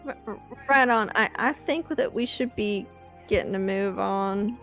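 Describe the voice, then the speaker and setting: Stammering, gravelly woman in role-play. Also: medium pitch, a little slow, a bit bright, highs cut off, soft background music. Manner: stammering, polite, says "sir".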